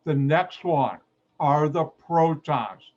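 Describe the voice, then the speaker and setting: A man's voice: on the high side, animated, slow pace, darkish tone. A man teaching a chemistry class over a video call, with a playful, jokey manner and frequent asides. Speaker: chemistry instructor. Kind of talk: online lecture. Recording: muffled video call audio.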